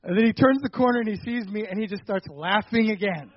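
High-voiced young man telling a story. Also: quick pace, lo-fi sound. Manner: animated storytelling, rising loud when retelling anger. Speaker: ministry leader telling a personal story. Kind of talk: personal testimony talk.

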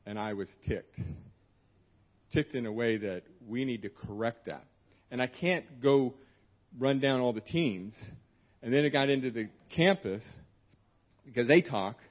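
A man's voice: medium pitch, a little slow, pauses often. A middle-aged man preaching in church, telling a personal story in a rambling, conversational way with many restarts and acted-out quotes. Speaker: guest preacher. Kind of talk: sermon told as a personal story. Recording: dull, muffled church sermon recording.

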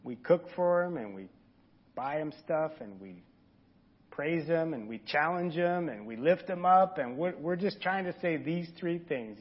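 A man with a fairly high, husky voice preaches in an easygoing, earnest way, talking straight to his listeners. The sermon audio sounds dull and lo-fi. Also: expressive, measured pace. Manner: informal, earnest, talks directly to the congregation. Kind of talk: conversational sermon.

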